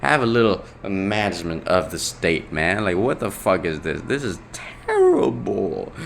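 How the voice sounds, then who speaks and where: Young male solo podcaster, very low voice, rambling and self-correcting, light hiss behind. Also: moderate pace, a bit bright. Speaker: podcast host. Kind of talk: casual solo podcast monologue.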